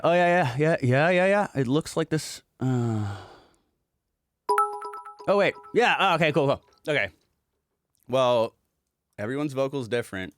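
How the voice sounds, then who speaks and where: A man's voice: medium pitch, dry recording. Man, music producer, casual livestream walkthrough, rambling, swears casually, dry room.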